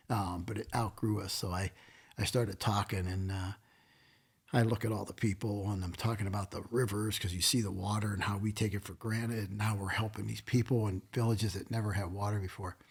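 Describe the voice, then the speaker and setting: A man's voice: lowish voice, husky. A man being interviewed as a guest, telling stories in an emotional, folksy way. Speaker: museum founder and guest. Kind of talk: casual interview storytelling.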